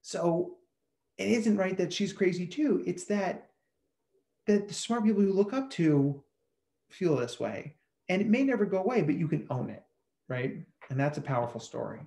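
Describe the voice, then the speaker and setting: A man and psychologist giving a lively, chatty webinar presentation over a video call. He often repeats words as he thinks out loud. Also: sits high, moderate pace, creaky.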